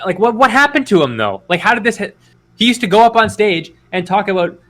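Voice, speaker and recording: A man's voice: sits high, very animated, brisk, fairly bright tone. A man co-hosting a podcast in casual political chat, rambling and profane with many restarts. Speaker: podcast co-host.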